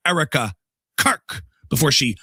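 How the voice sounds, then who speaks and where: A man's voice: medium pitch, lively intonation, unhurried, pushed and bright, breathy edge, no room sound, studio quality, heavily acted. A man doing a comedy impression of a sarcastic, defensive female political pundit, with a mocking, giggly, sing-song delivery.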